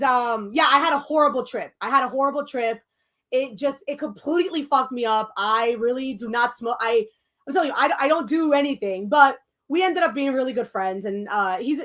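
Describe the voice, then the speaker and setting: A woman co-hosting a podcast, telling a story in casual chat and switching between English and Spanish mid-sentence. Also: a little high. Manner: animated storyteller who acts out quoted lines. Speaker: podcast co-host.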